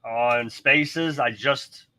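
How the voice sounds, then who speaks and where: A man hosts a live stream, chatting off the cuff in a rambling, blunt style with a bit of mild swearing. His voice sits in the mid range, with drawn-out words and a sharp tone.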